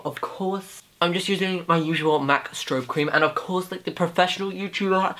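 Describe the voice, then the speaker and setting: A man's voice: sits high, moderate pace, few pauses, sharp tone. A young man in his bedroom, chatting casually and sarcastically while doing his makeup on camera, with a lot of self-mocking humour. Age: young adult. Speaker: beauty YouTuber. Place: home bedroom.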